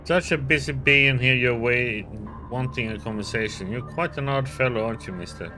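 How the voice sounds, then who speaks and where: A man's voice: medium pitch, brisk, over music, natural voice. A man putting on a playful flirty secretary. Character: secretary woman around thirty, playful and flirty.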